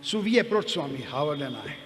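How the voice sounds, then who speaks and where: A man's voice: fairly high pitch, very animated, fairly quick, fairly bright tone. An older man with an Indian accent, a doctor recounting his own experiences, hesitant and repeating words with apologetic asides. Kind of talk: personal testimony talk. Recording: reverberant hall, faint background noise.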